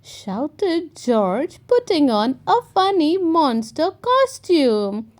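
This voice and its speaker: A woman reading a children's picture book aloud in an expressive, gently paced way. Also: high voice, drawn-out words, few pauses. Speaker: storytime reader. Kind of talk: children's read-aloud narration.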